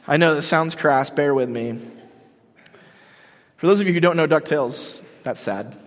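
A man's voice: a little high, animated, measured pace, fairly bright tone. A man preaching a sermon in a casual, joking, storytelling way, as the pastor of the congregation. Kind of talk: conversational sermon. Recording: long hall reverb.

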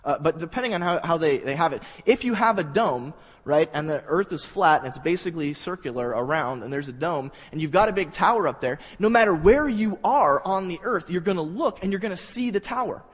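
Preacher, man, slightly high and husky voice, casual halting delivery in a big echoing hall. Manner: conversational, halting with restarts, builds up animated. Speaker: pastor. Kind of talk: sermon.

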